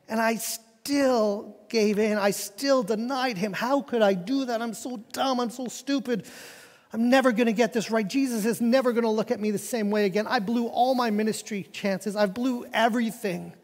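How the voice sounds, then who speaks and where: A man voicing an impulsive male disciple, excitable and quick to scold himself, in a reverberant church hall. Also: extremely high pitch, voice pushed up. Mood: remorseful. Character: impulsive boastful then remorseful male disciple.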